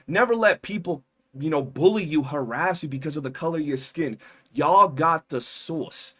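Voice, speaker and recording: Young guy, ranting commentator, slightly high voice, emphatic and indignant. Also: a bit bright. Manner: indignant, emphatic, swears freely. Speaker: commentary streamer. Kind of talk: heated commentary rant.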